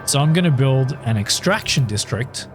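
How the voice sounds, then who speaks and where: A man's voice: medium pitch, lively intonation, normal speed, music in the background. An Australian man casually commentating his gameplay, thinking aloud with lots of ums and chatting to his viewers as he goes. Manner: talks to chat, thinks aloud with many ums. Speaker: gaming YouTuber.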